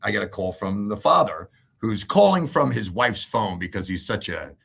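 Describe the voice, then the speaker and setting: Animated gravelly man telling a heated story. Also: fairly low pitch, normal speed. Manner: animated, acts out quoted voices, emphatic repetition. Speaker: interview guest.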